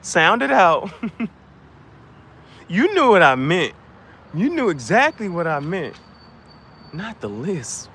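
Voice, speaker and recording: A man chatting casually and joking, laughing often and swinging his voice high and low. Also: big pitch swings, slow, pauses often, a bit bright, a little hiss or hum. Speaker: channel host.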